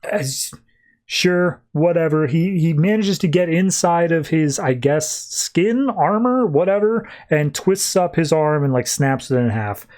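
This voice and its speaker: A man's voice: on the high side, animated, unhurried, darkish tone. A podcast co-host, a man with a slightly raised voice, casually walks through a comic book plot. He talks in a loose, offhand way, restarting sentences and tossing in wry asides.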